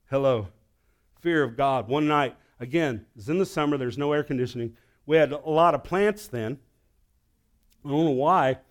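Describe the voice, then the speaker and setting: A man preaches to his congregation, telling a story with a slightly high voice. He drops to a near whisper, then climbs to loud, excited peaks. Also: unhurried, long pauses. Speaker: pastor. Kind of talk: sermon. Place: church sanctuary.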